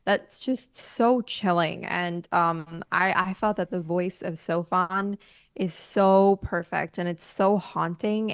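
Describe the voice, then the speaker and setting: A woman co-hosting a podcast in casual chat about a TV series, thoughtful and animated, laughing often. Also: fairly low pitch, clear, resonant tone, no echo, clean studio sound. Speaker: podcast co-host.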